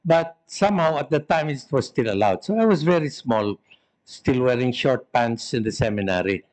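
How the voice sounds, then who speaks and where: A man's voice: mid-range voice, expressive, moderate pace, darkish tone. A man with a Filipino accent, a priest giving a storytelling talk with self-mocking humor.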